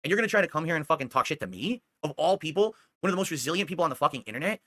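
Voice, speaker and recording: A streamer rants at a rival in a heated, profane monologue, scolding him and repeatedly asking if he understands. His voice sits on the high side, very animated and rapid-fire, with a fairly bright tone.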